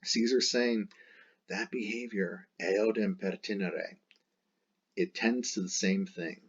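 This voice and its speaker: Chatty low-voiced man teaching Latin. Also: slow, husky, muffled recording. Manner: chatty, playful, repeats phrases while explaining. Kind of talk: informal lesson, explaining a Latin text.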